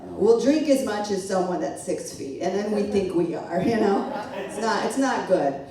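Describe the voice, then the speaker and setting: A woman's voice: mid-range voice, lively intonation, moderate pace, crowd noise. A woman telling a funny personal story to a live audience, talking casually, laughing and swearing as she goes. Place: small event room with a live audience. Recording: echoey room from far off.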